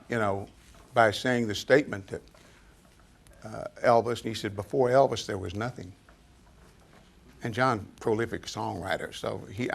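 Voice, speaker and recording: A man's voice: medium pitch, vocal fry. An older man telling stories to a small audience in a folksy, chatty way, chuckling often. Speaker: storyteller speaking to an audience. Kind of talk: anecdotal storytelling to a live audience.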